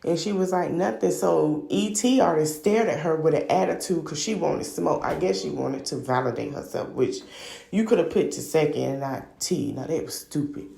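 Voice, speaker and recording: A woman's voice: sits low, normal speed, vocal fry, dark tone, reverberant. A woman hosting a podcast, casually recapping a reality show in a gossipy, opinionated, slangy way. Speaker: podcast host.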